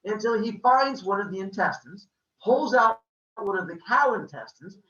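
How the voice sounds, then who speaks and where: Host telling a comic story, lively pitch, bright tone, casual and jokey with sound effects. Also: male voice, moderate pace, reverberant, distant mic, highs cut off. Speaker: podcast host. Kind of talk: comedic mythology storytelling.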